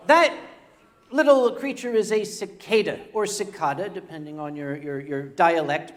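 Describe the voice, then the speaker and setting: Speaking at an unhurried pace, an older, high-voiced storyteller delivers a humorous yarn live to a convention crowd. His telling is full of stammers and repetition, broken up by chatty jokes aimed at the listeners.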